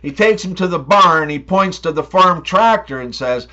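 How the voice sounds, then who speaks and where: Lively high-voiced man telling jokes. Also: moderate pace, hardly any pauses, highs cut off. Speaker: comedy joke teller. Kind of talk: scripted joke monologue.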